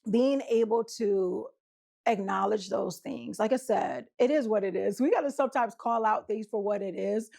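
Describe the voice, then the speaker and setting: A woman's voice: a little high, vocal fry, darkish tone. A woman relationship coach with a country twang, talking casually to camera, laughing often and acting out what people say. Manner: chatty, laughs often, acts out quotes.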